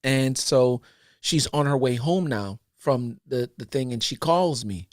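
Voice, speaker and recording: A man's voice: medium pitch, a little slow, no room sound, studio quality. A man co-hosting a podcast, telling a personal story in casual chat with easy slang and an earnest tone. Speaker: podcast co-host.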